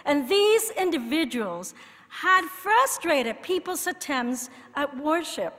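Woman preacher, slow deliberate sermon delivery, bright tone, wide pitch swings. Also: long reverb tail. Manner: expressive, rises in emphasis and drops to soft asides.

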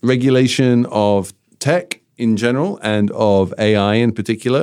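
A man with a British accent hosting a finance podcast, talking in a wry, lively way with playful emphasis. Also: fairly low pitch, no room sound, studio quality. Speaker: podcast host. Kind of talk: casual podcast chat.

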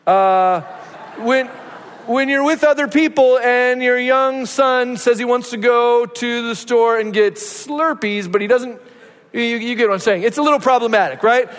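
A man's voice: very high-pitched, measured pace, fairly bright tone, smooth. A man preaching a sermon as a pastor, telling stories conversationally and often asking "right?". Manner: conversational storytelling, asks rhetorical "right?". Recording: long hall reverb.

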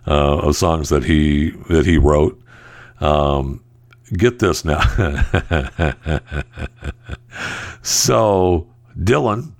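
A man with a low, gravelly voice hosts a podcast and talks through the news in casual, opinionated commentary. He sounds sarcastic and keeps restarting his sentences. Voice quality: deep gravelly voice. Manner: sarcastic, mocking asides with rambling restarts. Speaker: podcast host.

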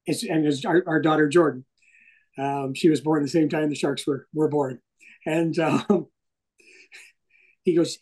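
A middle-aged man, a hockey broadcaster and interview guest, telling stories in a casual, animated way and swearing freely. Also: fairly high pitch, a little slow, pauses often, poor audio.

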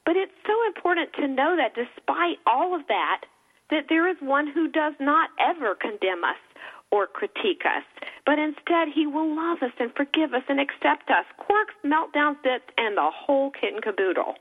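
A woman's voice: high voice, animated, normal speed. A woman author telling an emotional personal story as a radio guest, calling in by phone. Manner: earnest, emotional storytelling with faith references. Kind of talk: radio interview on a phone line. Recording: tinny phone line.

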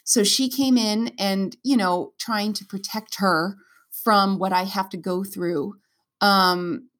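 A woman stage performer speaks as a guest in a relaxed interview. She tells her own story earnestly and openly, emotion close to the surface. Her speech is full of fillers and restarts. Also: medium pitch, slow. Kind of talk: candid conversational storytelling.

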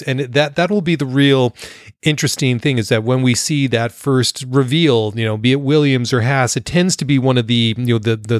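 A man's voice: mid-range voice, no echo, studio quality. A man co-hosting a casual podcast who talks in long, rambling stretches full of restarts. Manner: rambling, with many fillers and restarts. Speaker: podcast co-host.

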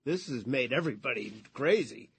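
A man co-hosting a radio talk show chimes in with amused, chuckling remarks. His voice sits at a middle pitch. A faint noise hums under him. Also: expressive, moderate pace, vocal fry.

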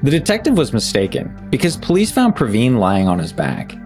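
A man hosting a true-crime podcast, asking calm, probing questions and reading scripted narration. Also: medium pitch, fairly quick. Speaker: podcast host and interviewer. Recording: music bed under the voice.

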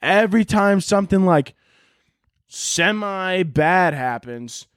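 A man's voice: sits high, expressive, slow, a bit bright, no echo, clean studio sound. A young man hosting a podcast, rambling sarcastically through a comedic monologue with frequent swearing. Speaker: podcast host.

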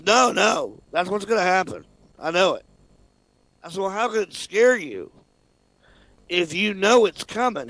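A man's voice: on the high side, dry recording. A man co-hosting a casual radio talk show, telling a story with lots of laughter and swearing. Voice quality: animated, swearing, laughs often.

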